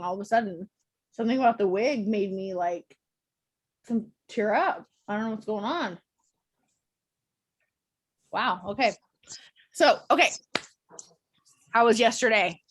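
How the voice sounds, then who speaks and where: A woman leading a casual group check-in as a clinical instructor, talking on a video call in a chatty, animated way with quick asides. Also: medium pitch, breathy edge, dry recording.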